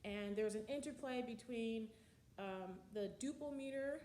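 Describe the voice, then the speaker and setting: Lady teacher going over slides, lots of ums, counts and hums beats out loud, bit high voice, roomy echo. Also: normal speed, background noise. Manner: explanatory, with frequent ums and sung counting of beats. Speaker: music history teacher. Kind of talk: recorded slide lecture.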